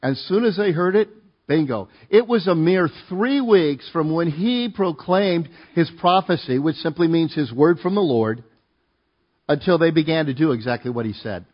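A pastor with a husky, slightly high voice and lively intonation preaches at a normal speed. He reads scripture verse by verse, unpacks it conversationally, and often invites the congregation to take part. The audio is dull.

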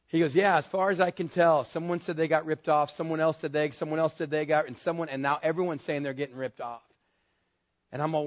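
A man from West Texas telling a personal story, lively and animated, acting out the voices in his dialogue. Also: fairly high pitch, fast. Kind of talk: personal anecdote told to an audience. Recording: dull, lo-fi sound.

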